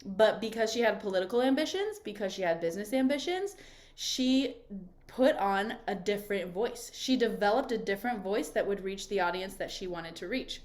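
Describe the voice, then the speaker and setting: Woman voice coach on a video call, upbeat and encouraging, keeps asking right?, middle pitch. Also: expressive, normal speed, darkish tone. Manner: encouraging, conversational, checks in with "right?". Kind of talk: live online voice workshop.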